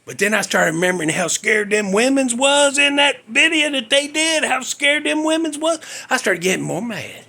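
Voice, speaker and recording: A man's voice: very high-pitched, sing-song, moderate pace, few pauses, bright, forceful tone. A male podcast host telling a story in a casual, folksy, rambling way, cussing freely.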